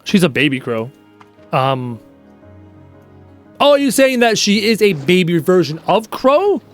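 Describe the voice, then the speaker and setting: A man in his thirties chatting casually with his live-stream viewers, telling stories in an animated way and answering their questions. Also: high voice, measured pace, faint music behind.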